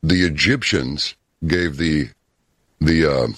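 A man hosting a talk show, telling stories and giving opinions in a folksy, unhurried way. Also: rumbling low, fairly bright tone, dry recording, studio quality. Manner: folksy, opinionated, storytelling with pauses. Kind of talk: casual talk radio commentary.

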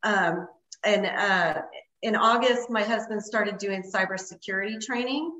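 A woman's voice: mid-range voice, measured pace, bright, forceful tone, echoey room, lo-fi sound. A woman guest telling a story in casual conversation, rambling with lots of fillers. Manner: rambling, many fillers like "like" and "you know". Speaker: interview guest.

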